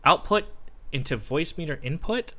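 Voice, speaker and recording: A man live-streaming from home, muttering and swearing as he troubleshoots his mic and voice software. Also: fairly high pitch, animated, moderate pace. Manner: muttering, swearing while fixing audio setup. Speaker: game streamer. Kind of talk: casual live-stream chat. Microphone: desk microphone with voice software.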